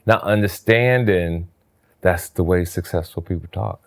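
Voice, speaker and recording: A man from New Jersey telling stories in a casual interview, his voice jumping up high when he acts out what people said. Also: normal speed. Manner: animated storyteller, voice jumps high for quoted lines. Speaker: interview guest, comedian.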